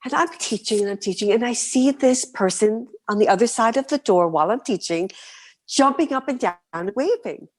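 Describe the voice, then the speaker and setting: A middle-aged woman from New City, a guest performer telling her stories in an interview, lively and vivid, sometimes dropping to a whisper. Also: fairly high pitch, normal speed. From New York City. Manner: animated, vivid storyteller, breaks into soft whispers. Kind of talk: storytelling interview.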